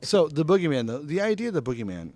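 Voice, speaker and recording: A man's voice: on the high side, fast talker. A man hosting a casual podcast chat who swears freely, laughs a lot and tells stories with energy. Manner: profane, laughs often, animated storyteller. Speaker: podcast host. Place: northern California.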